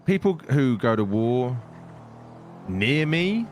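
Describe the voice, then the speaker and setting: A man's voice: mid-range voice, very animated, takes it slowly, a little hiss or hum. A man talking in character in an online role-play game as a scheming intelligence man, sly and dryly boastful. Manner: sly, scheming, dry storytelling.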